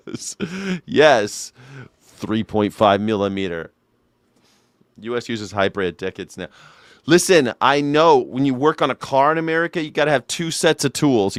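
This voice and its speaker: A man's voice: medium pitch, dry recording. A male host reacting to the news live, swinging between sarcastic jokes and put-on indignation in a mid-range voice. He talks into a studio mic through a mixer. The sound is dry, with almost no room around him. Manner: sarcastic mock-outraged ranting.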